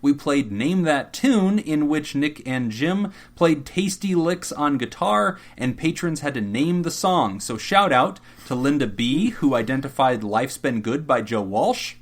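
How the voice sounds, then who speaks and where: A man's voice: on the high side, expressive, unhurried, few pauses. A man co-hosting a casual podcast, reading out supporter thank-yous with frequent laughter. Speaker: podcast co-host.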